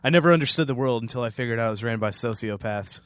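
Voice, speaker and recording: A man's voice: mid-range voice, racing, no echo. A man co-hosting a podcast, making short joking asides and questions in casual chat. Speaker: podcast co-host.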